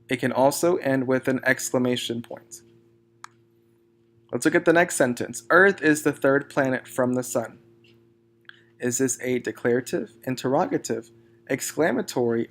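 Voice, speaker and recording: A man teaching a recorded grammar lesson, speaking slowly and clearly and reading example sentences aloud. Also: medium pitch.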